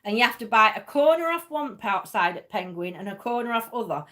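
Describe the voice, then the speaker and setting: A woman's voice: a little high, brisk, a bit bright. Woman hosting a casual livestream, rambling and giggly. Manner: chatty and rambling, laughs often. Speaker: livestream host. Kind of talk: casual chat.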